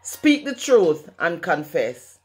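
Slow Jamaican poet reciting in rhyme. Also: medium pitch, sing-song, faint music behind. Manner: rhythmic, rhyming delivery with patois phrasing. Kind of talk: reciting a rhyming poem.

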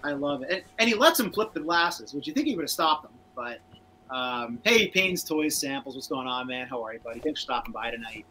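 A man's voice: medium pitch, lively intonation, brisk, sharp tone, a little hiss or hum, rough recording. A man co-hosting a casual cartoon rewatch show, chatting and reading out viewer comments. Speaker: podcast co-host.

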